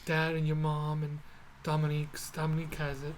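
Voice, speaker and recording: A man's voice: on the high side, completely flat delivery, a little fast, slight background noise. A man with a New York accent hosting a podcast, chatting casually and telling stories with frequent restarts. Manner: rambling, restarts, storytelling. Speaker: podcast host. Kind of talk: casual chat.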